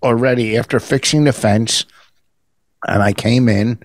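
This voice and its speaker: A man's voice: mid-range voice, measured pace, no echo, studio quality. A man in his sixties, a podcast co-host, bickering defensively with his wife in casual chat. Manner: defensive, laughing, sardonic.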